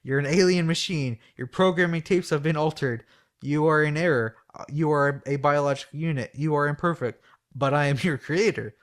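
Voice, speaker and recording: A man's voice: on the high side, normal speed, lightly acted. Man reading as a commanding starship captain. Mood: insistent.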